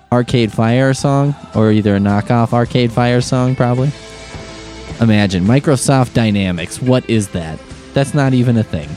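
A man's voice: fairly low pitch, moderate pace, dark tone, faint music behind. A man reading news aloud and mocking it with sarcastic, profane riffs. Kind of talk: sarcastic comedic commentary.

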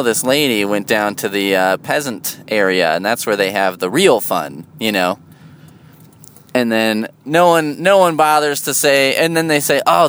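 A man in a casual, rambling monologue, sardonic and full of swearing, jumping into a high, loud voice for emphasis. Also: a little hiss or hum.

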